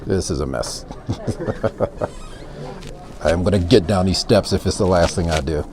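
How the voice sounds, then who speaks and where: A man's voice: low-pitched, fast, noisy background. A man narrating a casual travel vlog, talking to the camera as he climbs narrow stairs, out of breath. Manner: chatty, breathless commentary while climbing stairs. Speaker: travel vlogger. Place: inside a stone tower and outdoors at a canyon rim.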